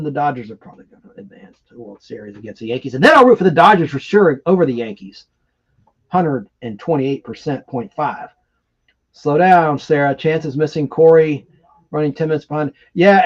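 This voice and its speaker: A man hosting a live stream in a rambling, excitable manner, chatting casually and reading viewer comments aloud between trivia questions. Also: on the high side, highs cut off. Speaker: livestream host.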